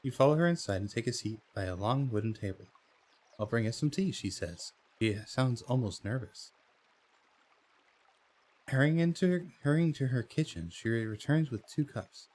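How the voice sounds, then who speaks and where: A game streamer plays a text adventure, reading the story text aloud and then chatting about his choices with fillers and laughter. His mid-range voice is animated and a little mellow, at a moderate pace.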